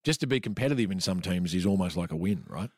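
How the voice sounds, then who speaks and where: A man's voice: low voice, lively intonation, quick pace, breathy edge. A middle-aged man with an Australian accent, a podcast host reading aloud from his own memoir and chatting, often breaking into laughter.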